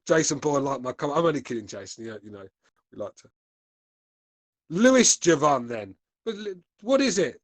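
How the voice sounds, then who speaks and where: A man's voice: fairly high pitch, big pitch swings, normal speed, no room sound. A man hosting a podcast, reading live chat with laid-back, crude, mocking banter. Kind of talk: casual live-stream chat.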